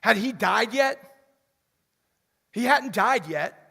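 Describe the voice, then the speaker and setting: A young man preaching a lively sermon as pastor, often repeating words as he restarts a sentence. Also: very high-pitched, slow, creaky, breathy edge. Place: church sanctuary. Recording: long reverb of a church hall.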